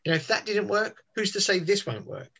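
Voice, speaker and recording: Husky chatty man telling stories. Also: high-pitched, big pitch swings, a little fast, bright, forceful tone. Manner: chatty, rambling with restarts and tangents. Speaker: podcast guest. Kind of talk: casual storytelling chat.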